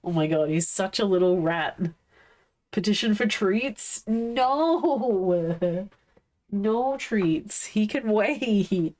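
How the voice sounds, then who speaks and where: A woman's voice: medium pitch, expressive, drawn-out words, darkish tone. A woman streaming live, chatting casually and coaxing and playfully scolding her pets.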